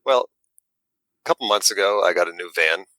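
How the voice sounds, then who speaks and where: Deep-voiced man telling a lively story. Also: a little fast, no room sound, low-quality recording. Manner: animated, acts out quotes, stammers. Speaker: model maker guest. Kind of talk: casual storytelling.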